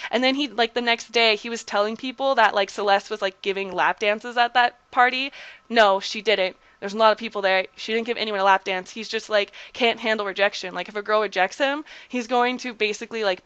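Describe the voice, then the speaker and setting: A young woman talks straight into her streaming mic, blunt and heated, peppering every sentence with "like" and curses. Her voice is bright and clean, sitting a little high, and the sound is dry and close. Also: smooth, dry recording, dull audio. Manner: blunt, heated, heavy use of "like" and swearing. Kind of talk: casual storytelling on a livestream.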